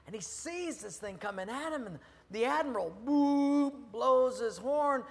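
A male preacher giving an animated sermon that swings from loud to hushed. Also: very high-pitched, normal speed, vocal fry. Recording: long reverb in a hall, faint ambience.

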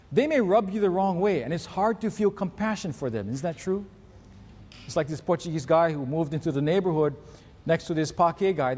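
A male preacher with a high voice delivers an earnest sermon, walking his listeners through numbered points. His voice carries through a large hall with a long reverb tail. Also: darkish tone.

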